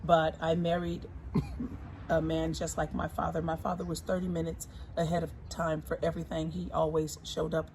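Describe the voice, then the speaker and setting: A woman in her forties, talking casually and warmly about her husband, emphatic and repeating her points. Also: deep voice, little pitch movement, normal speed, slight background noise. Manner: emphatic and repetitive, often repeating phrases. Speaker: co-host, singer. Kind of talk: casual heartfelt talk.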